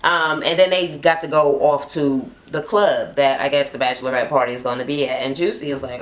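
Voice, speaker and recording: A woman's voice: very deep voice, fairly even intonation, a little fast, hardly any pauses. A woman casually recapping a reality show for her channel, blunt and profane, laughing often. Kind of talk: casual gossipy recap chat. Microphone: camera mic, talking to camera at home.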